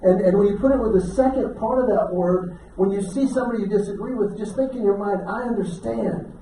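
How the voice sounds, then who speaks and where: Man, stand-up comic, high voice, folksy storyteller, echoey hall, distant mic. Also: heavy background noise. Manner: folksy storytelling with quick audience asides. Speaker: stand-up comedian. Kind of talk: stand-up comedy set. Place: banquet hall with a live audience. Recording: roomy distant audience recording. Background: audience laughter.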